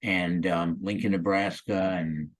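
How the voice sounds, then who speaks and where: A man's voice: low-pitched, steady tone, a little slow, low-quality recording. A man in his sixties from the Chicago area, a guest actor telling stories in a casual interview, rambling and upbeat with lots of "you know" and "um". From Chicago area, USA. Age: 60s.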